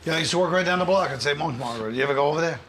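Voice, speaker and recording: A man's voice: fairly high pitch, rapid-fire, a bit bright, a little hiss or hum. A man chatting as a guest, reacting with short amused comments and questions. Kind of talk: casual chat.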